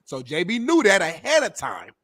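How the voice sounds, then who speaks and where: A man's voice: high-pitched, huge pitch swings, moderate pace, a bit bright. A man co-hosting a sports talk show in casual banter, playful and teasing. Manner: playful, teasing, hums sound effects. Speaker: co-host.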